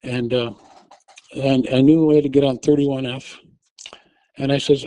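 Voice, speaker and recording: A man telling a personal story in a casual, halting way, and he gets loud and urgent when he acts out what he shouted. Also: medium pitch, little pitch movement, no room sound, low-quality recording. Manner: relives the moment, shouting quoted directions loudly and urgently; halting, with restarts and fillers.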